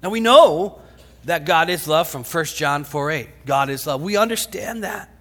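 A man preaching a sermon, dramatic, swinging from shouts to whispers. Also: on the high side, animated, moderate pace. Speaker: pastor. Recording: long hall reverb.

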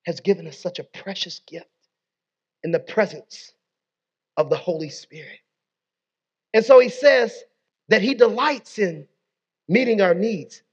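A man with a strikingly high voice preaches to his congregation, prompting call-and-response and slipping into folksy asides. The recording sounds dull and lo-fi. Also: husky. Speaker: pastor. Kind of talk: sermon.

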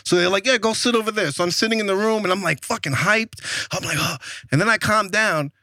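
A young man telling a story casually, animated and profane, and acting out the voices of the people in it. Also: high-pitched, quick pace, dry recording.

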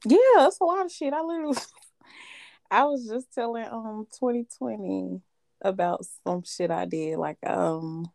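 A woman's voice: mid-range voice, a little slow, vocal fry, darkish tone, dry recording, studio quality. A woman in her thirties, co-hosting a podcast, tells a long profane story in casual chat and laughs often as she talks. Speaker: podcast co-host.

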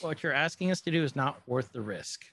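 A man's voice: fairly high pitch, animated, a little fast, sharp tone, dry recording. A man retelling a show, quoting a curt, cautious soldier leader in his own voice.

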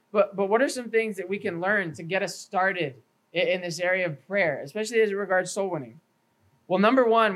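A man's voice: sits high, a bit bright, low-quality recording. Earnest man preaching a sermon. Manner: earnest preaching through numbered points with scripture references; stumbles and repeats words now and then. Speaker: pastor. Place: church evening service.

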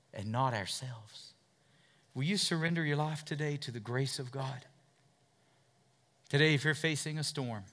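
A middle-aged male pastor preaching a sermon in a church, asking the congregation questions and swinging from loud, emphatic lines to hushed, near-whispered appeals. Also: medium pitch. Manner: asks the congregation questions and repeats words as he builds.

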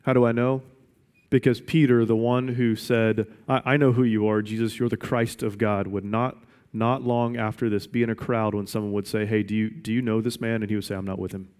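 A man's voice: on the low side, little pitch movement, brisk, darkish tone, clean tone. A man preaching a sermon as pastor, emphatic and repeating his questions for weight. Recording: long reverb of a large hall.

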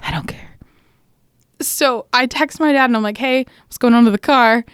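A young woman, co-hosting a podcast, telling a story in a lively way, laughing often and acting out what people said. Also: fairly high pitch, moderate pace, smooth, no echo, studio quality. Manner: animated, laughs often, acts out quotes. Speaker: podcast co-host. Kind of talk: casual chat, storytelling.

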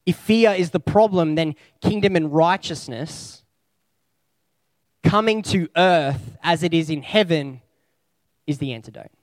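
A man preaching a sermon in a relaxed, conversational way, building slow spoken lists. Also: a little high, no room sound.

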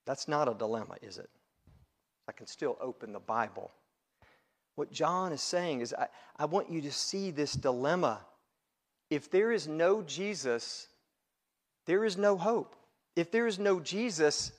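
A man preaching a sermon to his congregation, building to loud emphatic peaks and then dropping low. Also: lively intonation, a little slow, pauses often. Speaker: pastor.

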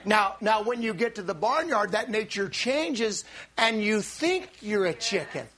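A man preaching a sermon in an animated, storytelling way, repeating words and bursting into shouts for emphasis. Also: high voice, a little slow.

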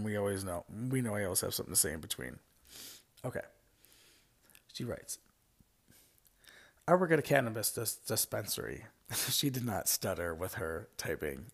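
A podcast host reads listener stories aloud in a casual, rambling way, with lots of fillers and asides and frequent laughter. His voice is mid-range, with vocal fry.

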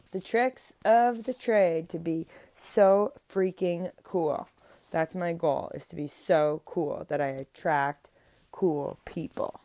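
A woman's voice: on the low side, darkish tone, no echo. A young woman talking into a mic at home in a casual, earnest, rambling monologue about her faith, with many restarts and fillers. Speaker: faith vlogger. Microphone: speaking into a mic.

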